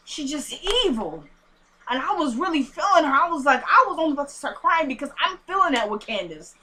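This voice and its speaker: A woman casually recapping a TV episode, retelling scenes in an animated, indignant way. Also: high voice, a little fast. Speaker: TV show recapper.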